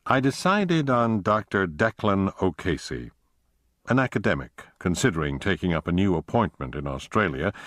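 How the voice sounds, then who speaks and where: A man's voice: fairly low pitch, no room sound, clean studio sound. A man voicing a wry, affectionate middle-aged man who speaks with a broad Irish accent.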